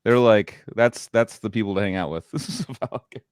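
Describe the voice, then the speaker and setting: A man's voice: on the low side, normal speed, clear, resonant tone, dry recording, studio quality. A man co-hosting a podcast, telling rowdy tour stories with heavy swearing and frequent laughter. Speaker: podcast co-host, metal musician. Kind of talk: casual chat.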